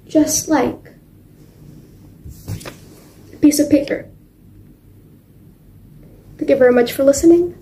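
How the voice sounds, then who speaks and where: A teenage girl giving a memorized contest speech, dramatic with theatrical pauses and swings in loudness. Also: high-pitched, a little hiss or hum. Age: teens. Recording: echoey room.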